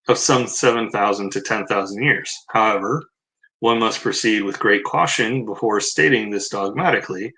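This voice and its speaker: A man rambles through sarcastic commentary, reading book passages aloud and then mocking them with rebuttals and wandering asides. His voice is lowish, bright and forceful, caught on a low-quality recording.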